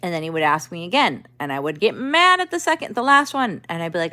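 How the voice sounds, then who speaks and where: Woman streamer, low-ish voice, casual venting, exasperated. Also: sing-song, quick pace, hardly any pauses, sharp tone. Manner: talks back to chat. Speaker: livestreamer. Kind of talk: casual livestream chat.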